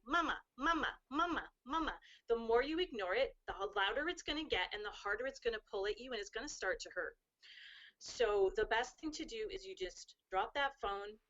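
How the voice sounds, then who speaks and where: A woman talks through wellbeing advice in a relaxed, earnest way, her sentences running on in long flowing chains. Her voice sits at a middle pitch. The audio is a bit dull, like a lo-fi live stream. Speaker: guest speaker on wellbeing. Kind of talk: casual advice chat.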